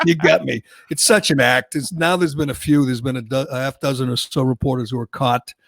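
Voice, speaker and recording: A male talk radio host tears into his targets with a mocking, emphatic rant, stumbling and restarting as he goes. His voice has a gravelly fry to it, and the dry, close studio mic leaves no room sound at all. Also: mid-range voice, fairly even intonation, fairly quick, a bit bright, no echo.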